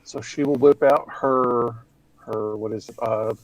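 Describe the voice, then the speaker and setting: A man playing a tabletop game online, speaking haltingly and searching for words. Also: medium pitch, steady tone, dry recording, rough recording. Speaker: player.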